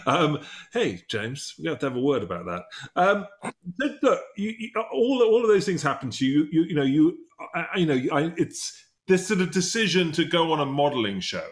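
A man's voice: fairly high pitch, sing-song, normal speed. Rambling middle-aged male interview host. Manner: rambling, many restarts and fillers. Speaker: podcast host. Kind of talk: casual interview chat.

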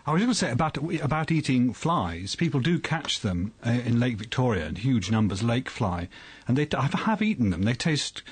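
A man's voice: medium pitch, sing-song, moderate pace, slightly rough, no room sound. A man appearing as a scientist guest on a radio show, talking with dry humour. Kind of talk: studio interview.

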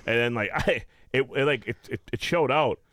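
A man's voice: medium pitch, moderate pace, a bit bright, no room sound, studio quality. A young man hosting a casual chat, rambling through his stories with plenty of swearing and filler words.

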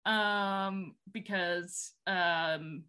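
A woman's voice: on the low side, fairly even intonation, extremely slow, a crowd in the background. A woman co-hosting a podcast who recaps a film in a chatty, rambling way with lots of fillers and giggles. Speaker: podcast co-host. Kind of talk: casual film recap chat.

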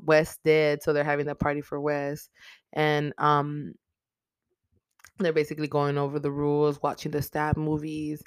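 A host recaps a horror film in loose, profane slang, leaning on filler words and dropping into quick voices for the characters. The voice is smooth and clear. The recording is close and dry, with no room sound. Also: medium pitch, no room sound. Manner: profane, chatty, slangy storytelling. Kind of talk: casual movie recap.

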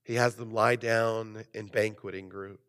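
A man preaching a sermon as pastor, animated, swinging between loud emphasis and soft, low asides. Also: a little slow, clean tone, big-room sound.

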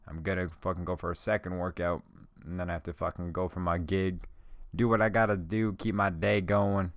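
A man hosting a solo podcast who talks in a casual, rambling, profane way while high. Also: a bit bright, no echo, clean studio sound. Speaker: podcast host.

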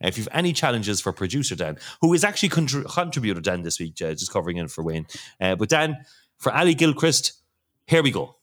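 Guy hosting a footy pod, low voice, bouncy and animated, likes to wind people up. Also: fast. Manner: teasing, jokey. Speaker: podcast host. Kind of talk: casual podcast chat.

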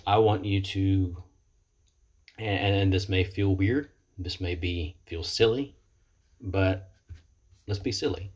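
With a deep voice and long pauses, a man slowly shares his recovery experience through a webcam mic on his computer. The talk is earnest, reflective and motivational, and he keeps stopping to repeat what he said.

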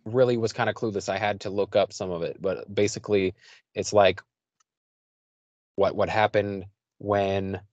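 A man's voice: fairly low pitch, darkish tone, dry recording. American man, dull dry lo-fi podcast. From United States. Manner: loose, rambling recap with fillers. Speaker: podcast host. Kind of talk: casual chat.

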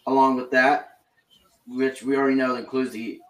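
A man's voice: mid-range voice, little pitch movement, normal speed, a bit bright, recorded from a distance. Off-mic man with a roomy echo. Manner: reads game news with many fillers and restarts. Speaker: podcast host. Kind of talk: casual podcast chat.

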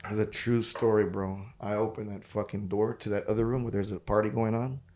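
A man telling a raunchy road story in casual podcast chat, profane and animated, acting out the people he quotes. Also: lowish voice, a little fast, roomy sound. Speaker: podcast guest.

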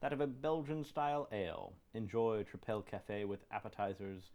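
A man's voice: lowish voice, lively intonation, moderate pace, a little mellow. A man co-hosting a casual beer podcast, reading a label aloud with playful banter. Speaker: podcast co-host. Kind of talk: casual chat over beer.

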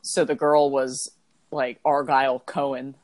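Low-voiced woman joking dryly. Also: unhurried. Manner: playful, deadpan jokes with frequent laughs. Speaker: podcast co-host. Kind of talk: casual comedic chat.

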